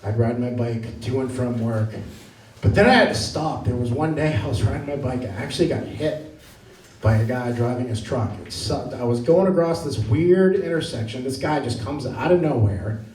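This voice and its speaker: A man's voice: mid-range voice, moderate pace, darkish tone. A man from Maine doing a stand-up comedy set on a club stage, rambling and self-deprecating as he tells his stories. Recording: echoey room from a distance. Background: audience laughter.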